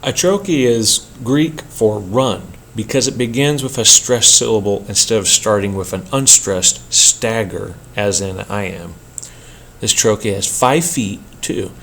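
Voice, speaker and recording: Man, lowish voice, workshop instructor, measured lecture delivery. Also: a bit bright. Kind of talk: scripted lecture narration.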